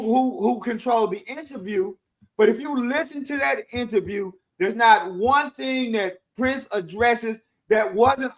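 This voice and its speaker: A middle-aged man co-hosting a podcast, making his case in an emphatic, animated way and repeating words as he builds each point. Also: very high-pitched, poor audio. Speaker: podcast co-host. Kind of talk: casual discussion.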